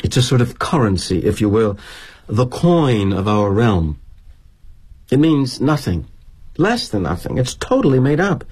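Sardonic middle-aged executive played by a man, husky voice, lively pitch, wry confiding monologue. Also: unhurried. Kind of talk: theatrical dramatic monologue.

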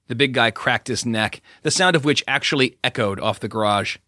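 A male audiobook narrator with a bright, forward voice, telling the story in an even, expressive way. Recorded close in a dry booth with no room sound. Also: mid-range voice, normal speed, hardly any pauses, no room sound.

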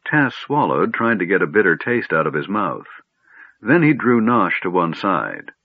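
A man narrating a fantasy story in a measured storytelling manner. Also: low voice, very animated, no echo. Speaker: audiobook narrator. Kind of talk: scripted narration. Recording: dry, tinny phone-like audio.

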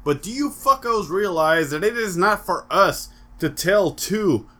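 Loud, profane man on a comedy podcast. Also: sits high, lively intonation, measured pace. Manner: loud, profane, jumps into comic voices and mock rants. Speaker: podcast co-host. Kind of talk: crude comedic podcast banter.

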